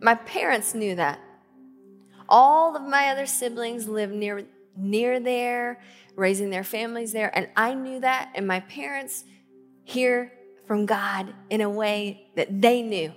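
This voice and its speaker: A woman pastor in her thirties preaches from a church stage, her voice sitting a little high and moving at an unhurried pace. She reads scripture with weight and slips into easy personal storytelling. A long hall reverb and a faint band playing underneath surround her. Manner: conversational storytelling, scripture reading with emphasis. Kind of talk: sermon. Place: church sanctuary. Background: soft band music.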